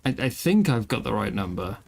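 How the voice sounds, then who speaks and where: A man's voice: lowish voice, sing-song, fairly quick, creaky. Tired, rambling man streaming a game. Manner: rambling, self-deprecating, chats with viewers. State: tired, yawning. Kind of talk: casual live-stream chat while gaming.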